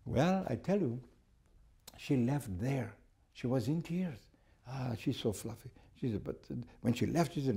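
A man from South Africa teaching a church Bible lesson, telling stories in a conversational, halting way with many repeated words. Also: mid-range voice, expressive, gravelly, warm tone, breathy edge. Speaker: Sabbath school teacher.

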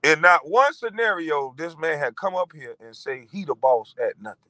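Animated middle-aged man ranting, bright voice. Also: on the high side, moderate pace, no echo, rough recording. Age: 40s. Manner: animated, laughing, mocking. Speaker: vlogger. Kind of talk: profane ranting monologue.

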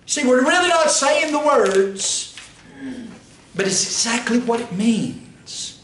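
Pastor, high voice, swoops and shouts, caught from across an echoey church room. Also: male voice, expressive, slow. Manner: rhetorical questions, pitch swings, rises to shouts. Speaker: pastor teaching a Bible institute class. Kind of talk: fiery preaching. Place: church classroom. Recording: roomy, distant mic, faint hiss.

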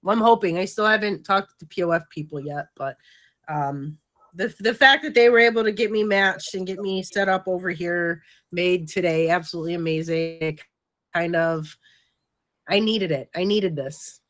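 Bright-voiced, rambling middle-aged woman. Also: on the low side, moderate pace. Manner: rambling, frank, laughs easily. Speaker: livestream show host. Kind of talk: casual chat.

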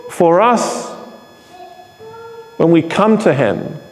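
Preacher, male, fairly high voice, earnest and emphatic, live in a hall with long reverb. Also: animated, very slow, faint music behind. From England. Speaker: pastor. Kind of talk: sermon. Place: church service in a hall.

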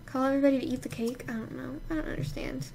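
A woman's voice: high voice, steady tone, racing, vocal fry, a little mellow, slight background noise. A young woman chatting casually while playing a life-sim game, exclaiming and scolding the characters. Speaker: let's play host. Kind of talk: casual gameplay commentary.

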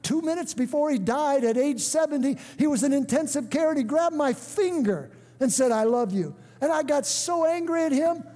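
An older man preaching a sermon, emphatic, breaking into shouts and calling on the congregation to answer. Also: very high-pitched, moderate pace, few pauses. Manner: emphatic, bursts into shouts and calls for response. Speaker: guest preacher. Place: church sanctuary. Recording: echoey church hall.

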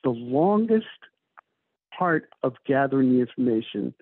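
A man's voice: medium pitch, very animated, measured pace, husky, no echo. A man, the author of a book, telling stories in an interview in a loose, rambling way with many fillers. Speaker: author, guest. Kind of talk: conversational interview storytelling. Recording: tinny phone-like remote call.

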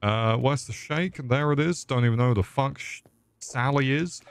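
A man's voice: medium pitch, moderate pace, smooth. A man streaming a game with casual, crude, joking commentary and frequent swearing.

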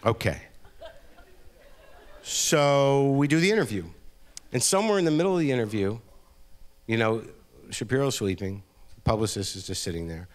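A man's voice: mid-range voice, expressive, moderate pace, pauses often. A middle-aged male comedian telling a long story live on stage, wry and rambling. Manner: wry, rambling, lots of "you know" and "like". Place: event stage.

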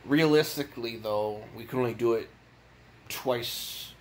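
A man's voice: medium pitch, a little slow, slight background noise, rough recording. A tired young man and father talking casually in a home vlog, weary and frustrated, often repeating words as he speaks. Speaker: vlogger, father.

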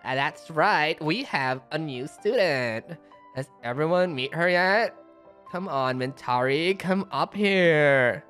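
A man doing a pushy, loud teacher. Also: a little high, lively intonation, takes it slowly, faint music behind, voice pushed up. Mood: commanding. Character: brisk, overbearing male teacher.

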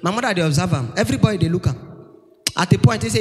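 A man with a Nigerian accent doing stand-up comedy on a church stage, telling stories with animated shouts. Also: high voice, rapid-fire. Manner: animated storytelling, shouting punchlines, acting out family members. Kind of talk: stand-up comedy in Pidgin-laced English. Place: large church hall stage. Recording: live hall with long reverb and faint music.

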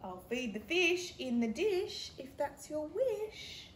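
A cheeky young woman who answers every request in singsong rhymes, played by a woman reading her own picture book. Her voice sits high and bouncy. It rings in an echoey room with a faint hum behind it. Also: sing-song, takes it slowly, exaggerated voice.

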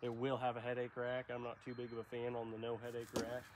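A man's voice: medium pitch, completely flat delivery, quick pace, noisy background. A young man with a nasal voice from a cold, talking casually and rambling as host of a truck vlog. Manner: rambling, unscripted, many fillers. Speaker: channel host.

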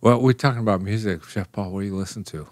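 Low-voiced man hosting a podcast. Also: quick pace, darkish tone, dry recording. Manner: short backchannel replies, asks questions. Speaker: podcast host. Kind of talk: casual interview.

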